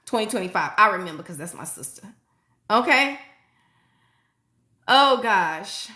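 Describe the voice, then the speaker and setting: A middle-aged woman nurse hosting a casual livestream, excitedly reading viewers' comments aloud and hyping them up. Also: mid-range voice, unhurried, echoey room. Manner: excitable, hypes viewers up, frequent "y'all".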